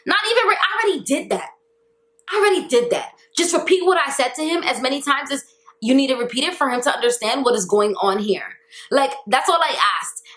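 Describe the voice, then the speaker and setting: A young woman telling a storytime vlog in an animated, exasperated way, full of slang. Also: high-pitched, fairly quick, reverberant. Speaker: vlogger.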